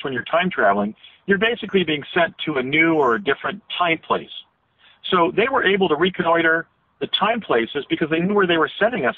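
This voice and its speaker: Guy on a phone interview, husky voice, tinny dry line, keeps correcting himself. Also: on the high side, no echo. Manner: detailed storytelling with frequent self-corrections. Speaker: interview guest.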